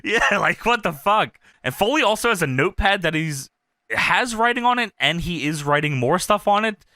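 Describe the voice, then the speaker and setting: A man's voice: sits high, lively intonation, moderate pace, pushed and bright, no room sound, clean studio sound. A man co-hosting a podcast, chatting casually and profanely, laughing and acting out quoted lines. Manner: profane, laughing, reads out wrestling dialogue in put-on voices. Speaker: podcast co-host. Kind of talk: casual recap chat.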